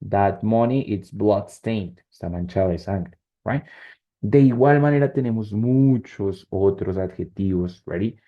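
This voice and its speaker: A man's voice: on the low side, moderate pace, highs cut off. A man teaching English whose first language is Spanish, switching between the two languages and often checking if students follow. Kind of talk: online class explanation.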